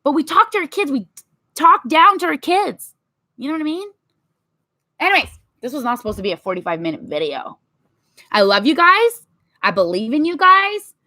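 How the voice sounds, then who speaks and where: This thirty-something woman vlogger gives her audience a lively, forceful pep talk, performing short quotes as she speaks. She sits high in pitch, keeps a moderate pace with frequent pauses, and the recording is dry.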